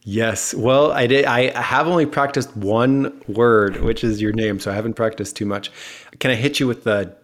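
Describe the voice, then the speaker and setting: A man's voice: medium pitch, steady tone, normal speed. An American man hosting a podcast in an upbeat, joking, chatty way. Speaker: podcast host. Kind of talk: casual podcast interview.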